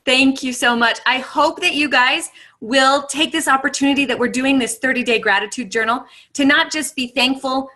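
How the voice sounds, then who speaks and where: A woman's voice: sits high, steady tone, normal speed, bright, forceful tone. A woman teacher who thanks a guest speaker and talks to her students in an upbeat, appreciative way. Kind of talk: class talk to students.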